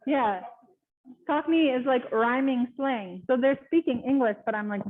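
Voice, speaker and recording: A woman speaking casually as a guest speaker in an online webinar, chatty and quick to laugh. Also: high-pitched. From Canada. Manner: chatty, laughs often, lots of fillers. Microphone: video call. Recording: tinny phone-like call audio.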